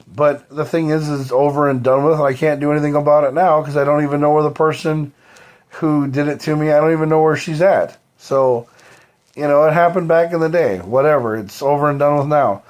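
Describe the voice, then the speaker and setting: A man's voice: on the high side, steady tone, fairly quick. A man on a live stream, rambling on at length, swearing freely and leaning on fillers like "you know" and "like". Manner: profane, rambling, heavy fillers.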